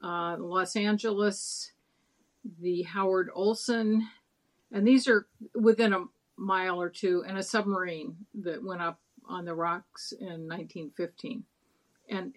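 A middle-aged woman, a docent and interview guest, telling stories in a chatty, meandering way with many fillers. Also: on the low side. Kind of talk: casual interview storytelling.

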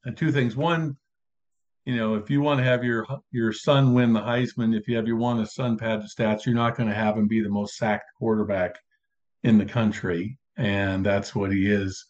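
A man's voice: fairly low pitch, fairly even intonation, normal speed, a little mellow. A man hosting a casual sports talk show, building his argument point by point. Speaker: podcast host. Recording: dull lo-fi sound.

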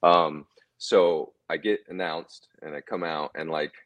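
A man, a former ballplayer, telling relaxed anecdotes as a guest in a casual interview, often chuckling. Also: rumbling low, a little slow, narrow, tinny audio. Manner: laid-back, chuckling anecdotes.

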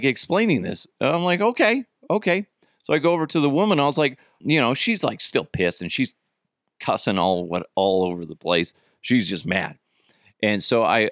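Male podcast host, casual storytelling, profane, very lively pitch, dry close mic. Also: no echo. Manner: animated, profane, restarts and wry jokes.

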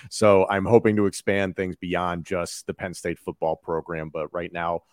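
A man speaking as a podcast guest in a casual interview, confident and measured, listing things off one after another. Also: low-pitched, flat delivery, a little mellow, no room sound. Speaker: podcast guest, wrestling commentator.

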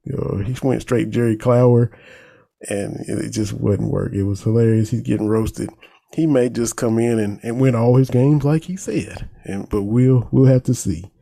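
A man with an Eastern Kentucky country accent talks sports in a loose, folksy way. His voice is gravelly and dark in tone, with a mid-range pitch. He sounds like a talk host riffing on the news. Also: moderate pace. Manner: folksy, animated, laughs at his own jokes. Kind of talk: casual sports commentary.

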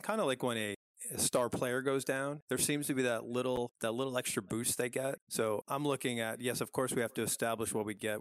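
A former coach talking college football in a measured, thoughtful way. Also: male voice, medium pitch, no echo. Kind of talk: casual sports talk.

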